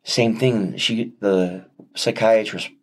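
A man, a father and interview guest, telling a heartfelt personal story in an earnest, reflective way with many pauses and restarts. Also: on the low side, fairly even intonation.

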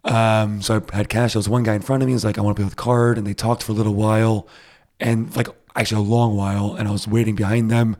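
A man's voice: on the low side, level tone, quick pace, darkish tone. A man from Rhode Island chatting casually, rambling and self-deprecating, with lots of fillers. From Rhode Island, USA. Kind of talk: casual chat. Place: Berlin.

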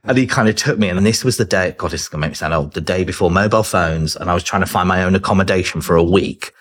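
Low, husky-voiced man chatting. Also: quick pace, a bit bright. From Britain. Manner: chatty, laughs easily, acts out remembered dialogue. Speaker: guest. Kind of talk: casual podcast conversation.

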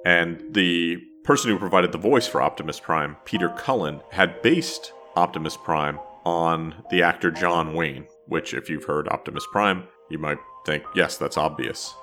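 Deep-voiced man hosting a podcast. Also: normal speed, hardly any pauses, sharp tone. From New Jersey. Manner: storytelling, wry and self-deprecating. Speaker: podcast host. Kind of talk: scripted podcast narration.

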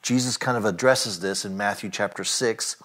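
A man preaching a sermon, earnest and emphatic, often asking his listeners direct questions and filling pauses with "uh" and "you know". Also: fairly low pitch, a bit bright. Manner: earnest preaching with rising emphatic lines and frequent fillers. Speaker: pastor.

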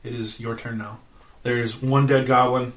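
A man's voice: little pitch movement, measured pace, fairly bright tone. A man narrating as dungeon master of a tabletop game, playful and casual. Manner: playful, puts on squeaky goblin voices.

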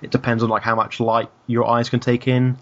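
A man from the UK chatting casually as a podcast co-host, at a mid pitch, rambling through ums and restarts. The audio is dull and lo-fi. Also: completely flat delivery, a little fast. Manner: rambling, many fillers and restarts.

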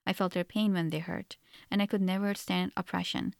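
A woman reads a first-person novel aloud in an earnest, reflective manner. Her voice sits fairly low, and the recording is dry and close with no room sound. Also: level tone, a little fast, vocal fry, a little mellow, no room sound. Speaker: audiobook narrator. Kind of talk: first-person audiobook narration.

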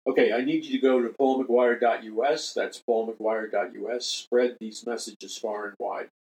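Older man, radio host, emphatic monologue, repeats himself for emphasis, mid-pitched voice. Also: fairly even intonation, moderate pace, a little mellow, low-quality recording. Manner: emphatic, repeats key phrases, earnest appeals. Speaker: radio show host and minister.

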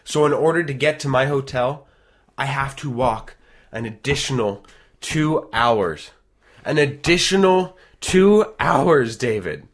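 Animated man rambling through a story. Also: mid-range voice, unhurried. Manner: animated, rambling, frequent restarts, acts out quoted dialogue. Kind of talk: casual storytelling chat.

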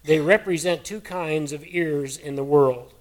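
Hoarse folksy preacher, higher-pitched man. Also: a little slow. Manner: folksy storytelling preacher, earnest and conversational. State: hoarse, voice cracking. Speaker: pastor. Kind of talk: sermon.

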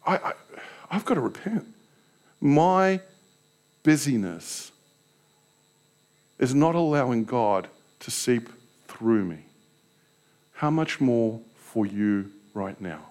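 A man's voice: mid-range voice, animated, slow pace, pauses often, a little mellow. A pastor preaching a sermon in a candid, self-deprecating way, telling personal stories and asking his listeners rhetorical questions.

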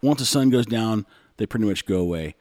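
A man's voice: lowish voice, brisk, darkish tone, dry recording, clean studio sound. A man hosting a show, telling stories in a rambling, conversational way and often saying "like.". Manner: rambling, conversational, frequent "like" fillers. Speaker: show host. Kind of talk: casual monologue storytelling.

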